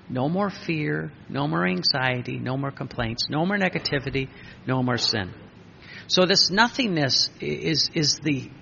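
A man preaching a sermon, emphatic and repetitive, with a gravelly voice. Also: a little high, sharp tone. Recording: dull lo-fi recording with faint noise.

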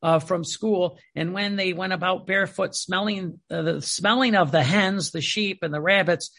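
Gravelly husky man teaching. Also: high voice, moderate pace. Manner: digressive, animated storytelling. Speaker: religious teacher. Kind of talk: reading aloud with spiritual commentary.

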